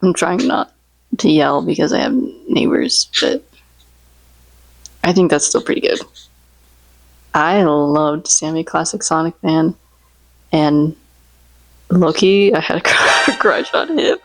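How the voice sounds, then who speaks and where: A woman's voice: sits low, fairly even intonation, slow pace, pauses often, no echo. A woman vlogging in a casual, rambling, chatty way, joking about her favorite memes and impressions. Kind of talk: casual chat.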